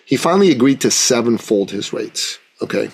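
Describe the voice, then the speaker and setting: Husky-voiced man coaching on pricing. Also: mid-range voice, expressive, normal speed. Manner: emphatic, acts out dialogue in anecdotes. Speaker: podcast guest, business coach. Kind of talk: conversational storytelling interview.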